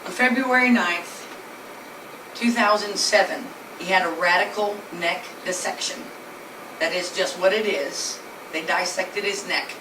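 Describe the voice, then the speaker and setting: A woman's voice: on the low side, a little slow. A woman telling her husband's illness story in an earnest, plainly spoken way, speaking from a distance in a noisy, echoey room. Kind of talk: personal storytelling presentation.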